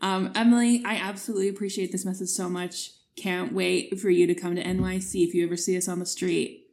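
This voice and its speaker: A woman's voice: fairly low pitch, little pitch movement, fairly quick, darkish tone. A young woman co-hosting a podcast, talking with gushing enthusiasm in a casual, filler-heavy way. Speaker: podcast co-host.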